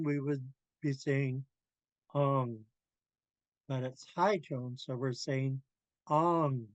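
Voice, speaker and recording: A man teaching a language class, drilling pronunciation slowly and carefully and laughing often. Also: a little high, no room sound.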